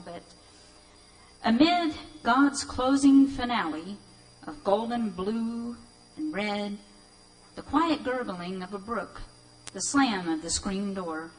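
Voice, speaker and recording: A woman's voice: mid-range voice, a little hiss or hum, rough recording. A woman reading poems aloud at a community event, plainspoken and rhythmic. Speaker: poetry reader.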